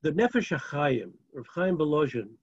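A man's voice: a little high, sing-song, normal speed, slightly rough, muffled recording. A man teaching a Torah class, sprinkling Hebrew terms into English and asking rhetorical "right?" checks while telling stories. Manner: rhetorical, asks "right?" and "okay?". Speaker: religious teacher. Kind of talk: Torah class lecture with storytelling.

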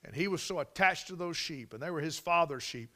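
A man preaching a sermon, telling the story dramatically and swinging from loud exclamations to near whispers. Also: on the high side, fairly quick.

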